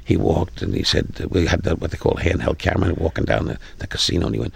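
An older man in his eighties with a New York accent, a comedian telling brash stories in an interview and getting loud at the punchlines. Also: low-pitched, steady tone, fast talker, few pauses, no room sound. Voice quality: gravelly. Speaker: comedian guest. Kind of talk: interview anecdotes.

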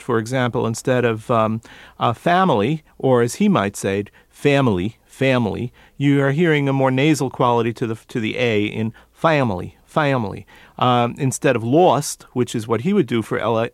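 A man, a dialect coach interviewed as a guest, who demonstrates accents by repeating words in a measured way. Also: mid-range voice, no room sound.

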